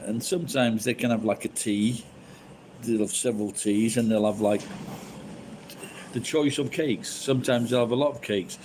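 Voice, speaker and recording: A man's voice: mid-range voice, fairly even intonation, moderate pace, a little mellow, a little hiss or hum, poor audio. A drunk man rambling and swearing through casual chat as a live streamer, full of false starts. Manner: crude, swears a lot, rambling with restarts.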